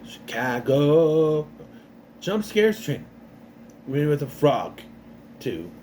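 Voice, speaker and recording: A man's voice: on the high side, very animated, darkish tone, slight background noise. A man recapping a TV episode in a casual, rambling way, restarting often and acting out the characters' lines. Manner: rambling, restarts a lot, acts out lines in quick voices.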